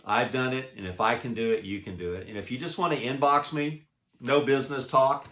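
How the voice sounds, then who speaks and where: A motivational speaker gives a personal inspirational talk, speaking earnestly and haltingly with frequent restarts. His mid-range voice swings between soft and emphatic, and the sound is reverberant.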